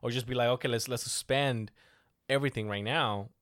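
A young man in casual chat, rambling and animated, restarting his sentences often. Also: medium pitch, fairly quick, dry recording, studio quality.

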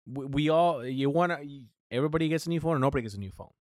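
With a slightly high voice delivered rapid-fire, an American podcast host rants in casual conversation. The recording is dry with clean studio quality, and he swears heavily and keeps restarting.

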